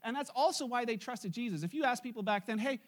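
A man's voice: extremely high pitch, animated, fast talker. A man preaching a sermon in church, retelling a Bible story in a casual, joking way to his congregation. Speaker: pastor.

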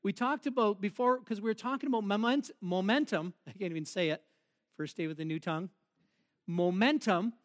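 This church sermon comes from a pastor whose high-pitched voice moves fairly quickly. He keeps things playful, cracking jokes and laughing along with the congregation.

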